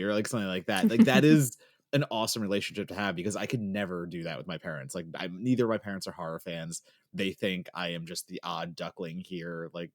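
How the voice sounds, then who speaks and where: A man co-hosting a podcast, talking in an animated way with casual swearing. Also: deep voice, fast talker, dry recording, studio quality. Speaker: podcast co-host.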